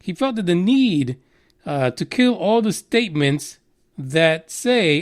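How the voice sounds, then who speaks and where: A man with a high voice hosts a news podcast. He rants with blunt sarcasm and heavy swearing. His commentary is loose and mocking. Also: big pitch swings, slow. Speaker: podcast host.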